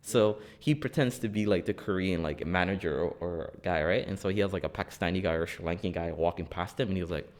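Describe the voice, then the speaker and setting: Laughing frequently, the young podcast co-host acts out quoted voices while telling funny stories in a relaxed studio chat. He speaks low and quickly, barely pausing.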